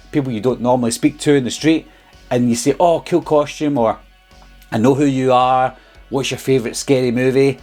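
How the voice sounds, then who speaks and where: A Scottish horror YouTuber tells a story in a casual vlog, chatting and rambling with lots of ums and uhs. His voice is medium in pitch and a little mellow.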